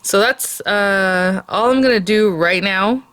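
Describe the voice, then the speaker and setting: A woman's voice: medium pitch, slow, a bit bright, no room sound. A woman hosting a papercraft tutorial, explaining each step as she cuts and checking in with the viewer often, in an enthusiastic and chatty way. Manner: chatty, talks while cutting, checks in with "okay?" and "right?"; enthusiastic, easily delighted. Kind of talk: casual step-by-step craft demonstration.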